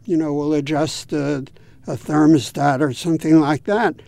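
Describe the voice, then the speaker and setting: Mellow-voiced man explaining steadily. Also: on the high side, steady tone, gravelly, dry recording. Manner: measured, explanatory. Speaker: guest from a home repair volunteer group. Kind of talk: interview answers.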